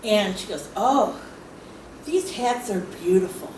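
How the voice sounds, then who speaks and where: A woman's voice: mid-range voice, animated, slow. A woman at a knitting guild meeting, telling stories about donating hats with lots of laughs and fillers. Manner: chatty, laughing storyteller with fillers. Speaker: guild member speaking on charity. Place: meeting hall. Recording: echoey hall from far off, hiss.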